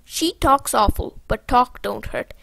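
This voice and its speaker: A woman's voice: fairly high pitch, expressive, unhurried, gravelly, fairly bright tone, no echo, exaggerated voice. A woman voicing an eager, scheming young boy in a storybook reading, coaxing and persuasive.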